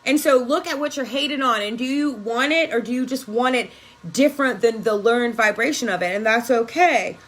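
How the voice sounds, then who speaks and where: Woman life coach, high-ish voice, emphatic and foul-mouthed, phone live-stream feel. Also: moderate pace, a bit bright, rough recording. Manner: emphatic, profane, preachy. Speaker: energy worker and spiritual coach. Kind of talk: casual live-stream spiritual pep talk. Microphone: phone on a live video.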